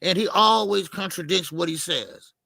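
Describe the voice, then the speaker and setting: A man's voice: sits high, normal speed, vocal fry, bright, forceful tone, dry recording. A man talking boxing in a blunt, heated way, repeating his points. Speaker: boxing commentator. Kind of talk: casual boxing debate.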